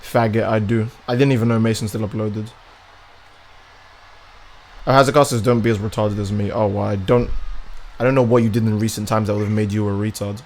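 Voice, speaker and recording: A man live-streaming a game, chatting casually with his viewers and reacting loudly to the gameplay in a crude, animated way. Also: on the low side, fairly quick, long pauses, slight background noise. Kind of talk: casual live-stream commentary while gaming.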